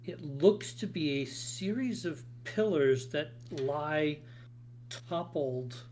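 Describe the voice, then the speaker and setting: Man running a tabletop game, higher voice. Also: slight background noise. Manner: halting, many restarts and fillers. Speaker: game master.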